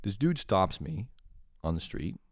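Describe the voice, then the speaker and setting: Brief: young male comic, low voice with a wide, lively swing, sarcastic and foul-mouthed, close dry sound. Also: measured pace, no room sound. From lives in Montreal. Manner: animated, sarcastic, swears a lot. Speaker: comedian ranting to camera. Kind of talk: profane comic rant.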